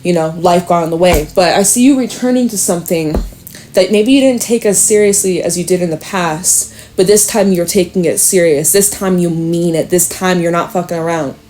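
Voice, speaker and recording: A woman's voice: on the low side, moderate pace, dark tone, a little hiss or hum. A young adult woman giving a casual spoken tarot reading, chatty and emphatic, swearing now and then and using lots of fillers. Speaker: tarot reader.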